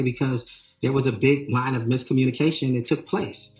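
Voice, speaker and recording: A man working as a tour manager tells a story in an animated way, re-enacting what people said with emphatic rises. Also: mid-range voice, brisk. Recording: roomy echo, faint music.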